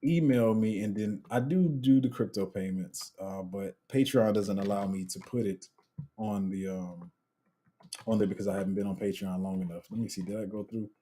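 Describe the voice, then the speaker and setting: Young guy doing a live q&a, slangy and chatty, kinda dark mellow tone. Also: lowish voice, normal speed, slightly rough. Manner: chatty, slangy, trails off and restarts while multitasking. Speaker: crypto livestream host. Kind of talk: casual live Q&A, reading chat.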